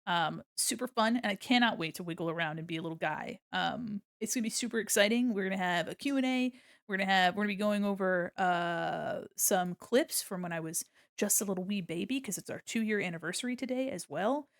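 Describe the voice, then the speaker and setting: A woman's voice: medium pitch, brisk, vocal fry, dry recording, clean studio sound. A woman chatting casually and rambling in a silly, giggly way on a livestream as she draws. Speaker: streamer. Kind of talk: casual livestream chat while drawing.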